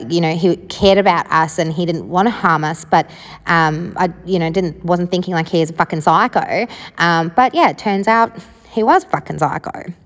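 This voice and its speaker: A woman's voice: on the low side, big-room sound. A woman telling her own life story in a frank, casual way, swearing freely and often saying "like". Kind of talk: candid personal storytelling.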